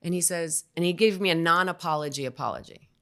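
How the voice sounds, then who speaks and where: A woman's voice: fairly low pitch, fast talker. A woman guest on a podcast, telling a story in casual chat and acting out the lines she quotes. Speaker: guest actor.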